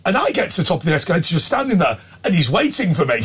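A middle-aged English man and presenter, chatting casually in a studio and telling animated anecdotes with voices. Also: on the high side, racing, husky.

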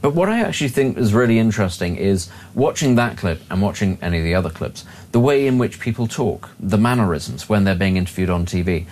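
A man's voice: fairly low pitch, expressive, fast, few pauses, a little mellow, a little hiss or hum. A man co-hosting a casual radio chat, reflective and chuckling as he talks. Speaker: radio co-host.

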